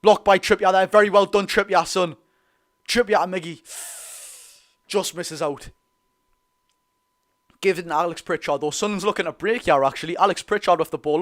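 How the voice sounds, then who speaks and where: A young man with a Geordie accent giving excitable, partisan live commentary on a football match for his viewers. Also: high voice, normal speed, long pauses. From North East England. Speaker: football fan streamer.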